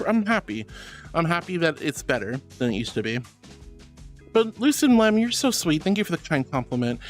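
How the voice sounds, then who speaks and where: Chatty sweet guy reading his chat out loud, kinda high voice that bounces all over, soft music behind. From Florida. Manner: bubbly, affectionate, chatty. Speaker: streamer. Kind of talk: casual chat reading messages.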